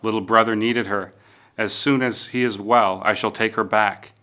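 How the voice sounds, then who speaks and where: A man plays a shameless trickster badger from a storybook, glib and quick with excuses. The voice is a little raised and sharp-edged. It keeps a lowish, bright tone. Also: steady tone. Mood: pleading. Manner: glib, unrepentant excuse-making.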